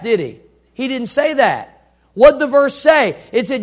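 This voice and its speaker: A high-pitched man preaching from the pulpit. He calls on the congregation to repeat lines back to him, and he swings from ringing emphasis down to slow, hushed delivery. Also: sing-song. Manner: call-and-response preaching, dynamic swings from loud to hushed. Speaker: pastor. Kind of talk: sermon.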